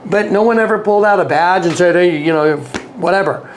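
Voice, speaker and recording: A man's voice: high voice, fairly quick, a little hiss or hum. A man telling a personal story as an interview guest, earnest, often repeating himself and acting out quoted dialogue. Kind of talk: casual storytelling.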